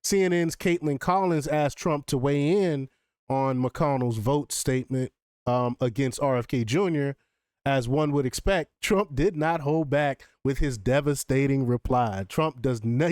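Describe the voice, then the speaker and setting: A man hosting casual political commentary, chatty and excitable, often laughing and filling pauses with ums. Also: medium pitch, no echo, studio quality.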